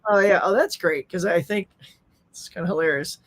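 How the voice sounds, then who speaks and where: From his home setup in Southern California, a man hosts a casual pop culture livestream, goofy and upbeat, speaking into a desktop USB microphone and reading viewer chat aloud. His voice sits high and is a bit bright with a breathy edge, at a moderate pace.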